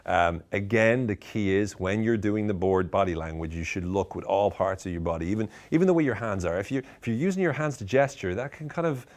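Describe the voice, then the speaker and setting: A man giving a tongue-in-cheek lesson to camera with a lively, emphatic, ironic delivery. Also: lowish voice, fairly quick, hardly any pauses. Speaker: speaker teaching communication skills.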